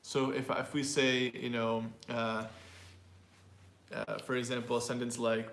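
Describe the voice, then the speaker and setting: A man's voice: mid-range voice, flat delivery, measured pace, gravelly, fairly bright tone, a little hiss or hum. A male language teacher leads an online pronunciation lesson in a loose, chatty way. He repeats example phrases aloud to show how they sound, with a mid-range voice. The room gives his voice a noticeable echo. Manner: loose and chatty, with fillers and small laughs.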